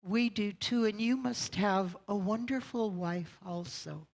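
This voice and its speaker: A woman voicing a small, kindly elderly man who speaks softly and with delight. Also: mid-range voice, unhurried, creaky, poor audio. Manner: warm, delighted, soft-spoken.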